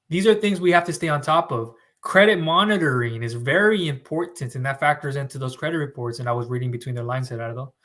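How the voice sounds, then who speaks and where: A man's voice: on the high side, a bit bright. A man hosting a casual live stream, talking in a rambling, emphatic way and reading viewer comments aloud. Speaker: host. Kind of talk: casual livestream talk to viewers.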